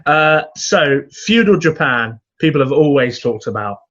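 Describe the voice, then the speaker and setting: Young guy, relaxed halting chat on a podcast, dry jokes, sound kinda dull. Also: fairly high pitch. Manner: laid-back, halting, dry humor. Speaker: podcast co-host. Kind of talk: casual chat. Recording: slightly dull, muffled sound.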